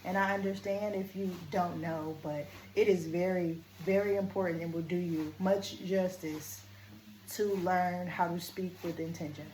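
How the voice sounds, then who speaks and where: A woman's voice: lowish voice, steady tone, a little hiss or hum. Earnest woman vlogger in an echoey room. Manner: earnest, deliberate, shifts between firm and soft tones. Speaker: vlogger and coach. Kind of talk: casual talking-to-camera vlog.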